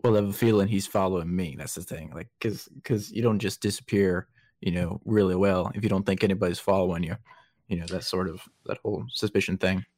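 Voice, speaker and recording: A man voicing a weary, disheveled man in a half-attempted southern accent, talking in a rambling, halting way. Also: sits low, steady tone, darkish tone, no room sound, lightly acted. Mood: suspicious.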